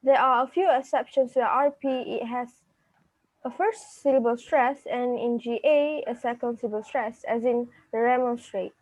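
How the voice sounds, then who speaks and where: A woman student reading a phonetics presentation in a clear, explanatory way. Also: fairly high pitch, moderate pace, darkish tone, no echo, poor audio.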